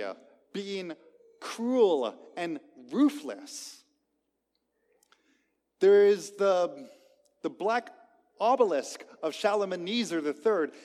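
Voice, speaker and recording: A male preacher delivers a sermon in a fairly high, very animated voice that rises and drops sharply in loudness. He takes his time, lingering on key words. The sound rings with the long reverb of a large hall. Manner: emphatic, dramatic swings in loudness and pitch.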